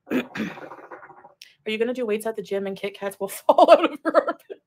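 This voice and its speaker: A woman's voice: on the high side, animated, normal speed, darkish tone. A woman streaming live, chatting casually with viewers, reading comments and laughing often. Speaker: livestreamer. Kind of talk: casual livestream chat.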